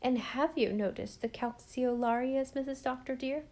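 A woman voicing a fussy, devoted middle-aged housekeeper who talks in an earnest, old-fashioned, dramatic way, with a mellow tone. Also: high-pitched, normal speed, voice pushed up.

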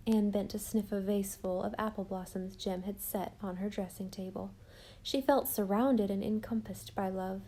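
This audiobook narrator is a mellow woman with a medium pitch. She reads the scripted story in a calm, measured way.

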